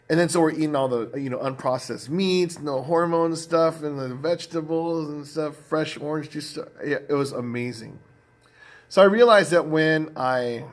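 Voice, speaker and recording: A man with a mid-range voice talks straight to the camera. He tells a long personal story in a loose, rambling way. He stumbles through fillers and restarts as he goes. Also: mid-range voice. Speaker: vlogger. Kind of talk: casual storytelling vlog.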